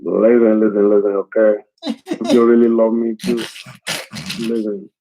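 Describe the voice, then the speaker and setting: A man's voice: on the low side, level tone, measured pace, mellow. A man on a phone call, repeating reassurances in broken English and pleading over and over. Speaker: phone scammer. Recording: tinny phone line.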